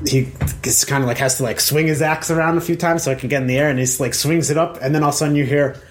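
A man's voice: fairly high pitch, steady tone, rapid-fire, a little hiss or hum. A man running a tabletop game as dungeon master, narrating the scene in a loose, rambling way full of fillers and restarts.

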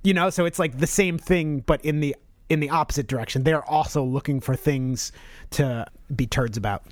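A man's voice: on the high side, moderate pace, no room sound. Guy cohosting a podcast, rambly, keeps restarting his sentences, dry close mic sound. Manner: rambling, many restarts and self-corrections. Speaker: podcast co-host. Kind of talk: casual podcast chat.

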